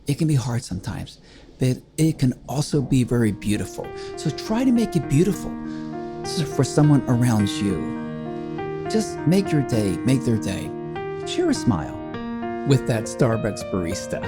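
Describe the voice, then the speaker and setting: A man's voice: medium pitch, very animated, measured pace, over loud music. An older man, a grieving widower, hosting a reflective talk on grief in an earnest, conversational way, retelling little anecdotes. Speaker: host.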